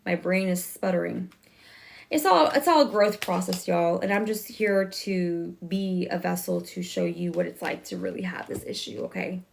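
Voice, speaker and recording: Woman tarot reader, casual and reassuring, rushes her words, slight vocal fry. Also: lowish voice, slight background noise. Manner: talks fast, self-correcting, chatty and reassuring. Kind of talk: casual tarot reading to viewers.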